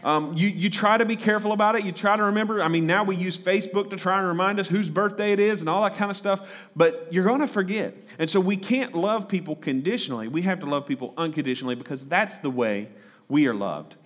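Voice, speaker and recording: A man's voice: sits high, fast talker, fairly bright tone. A man preaching a conversational sermon, often repeating words and asking the congregation questions. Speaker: pastor.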